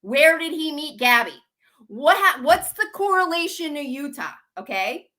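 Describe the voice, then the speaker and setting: Woman, young adult, very high bright voice, agitated, repetitive, swearing, rhetorical questions. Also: lively intonation, unhurried. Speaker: channel host. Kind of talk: emotional monologue to camera.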